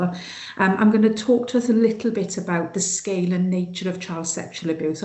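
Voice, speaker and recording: A woman's voice: on the low side, warm tone, roomy sound. Sing-song Welsh Valleys woman presenting. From Wales. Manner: sing-song, many fillers and restarts. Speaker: trainer. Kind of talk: online training presentation. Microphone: video call.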